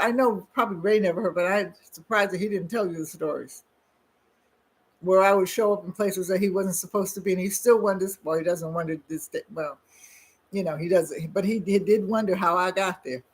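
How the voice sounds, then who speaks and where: An older woman chats casually to her viewers, wandering from story to story with lots of asides and restarts. Her voice is husky and sits at a middling pitch. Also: brisk. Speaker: channel host. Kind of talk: casual chat.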